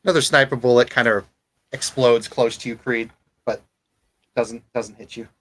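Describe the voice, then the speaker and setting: A man narrates a tabletop game as its game master. He talks in a relaxed, halting way, often pausing on fillers and restarting his sentences. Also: medium pitch, rough recording.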